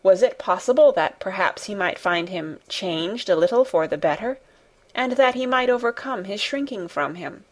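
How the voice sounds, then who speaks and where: A woman narrating a classic novel as an audiobook, calm and measured. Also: mid-range voice.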